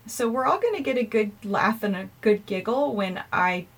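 A woman's voice: medium pitch, lively intonation, normal speed. Woman, podcast host, casual chat, self-mocking, laughs often. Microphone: earphones in, recording herself.

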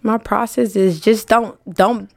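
A woman's voice: mid-range voice, steady tone, a little slow, gravelly, no room sound. A woman who manages and promotes music artists, talking bluntly and jokingly with slang in a casual studio podcast interview.

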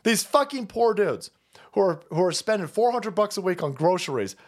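Brief: foul-mouthed sarcastic male streamer, lively swinging pitch, laughs a lot. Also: moderate pace. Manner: profane, sarcastic, laughing often. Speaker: streamer host. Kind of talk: livestream commentary rant.

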